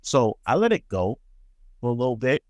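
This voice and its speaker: A man in his thirties co-hosting a podcast, casually telling a story and acting out his own lines with animated swings. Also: medium pitch, normal speed, no room sound, clean studio sound. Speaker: podcast co-host.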